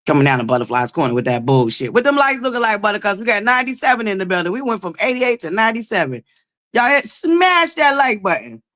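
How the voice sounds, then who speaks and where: A loud, belligerent woman hosting a live chat stream. Her voice is bright and forceful. She curses constantly, greets viewers by name and keeps demanding likes. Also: mid-range voice, sing-song, rapid-fire, hardly any pauses. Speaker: livestream host. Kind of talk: profane live-chat commentary.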